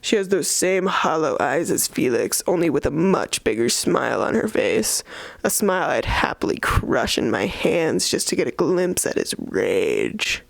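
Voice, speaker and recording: Woman doing a low creepy guy from a dark romance book, cold, gravelly, close mic. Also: very animated, measured pace, no echo, exaggerated voice. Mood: menacing. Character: menacing young male stalker.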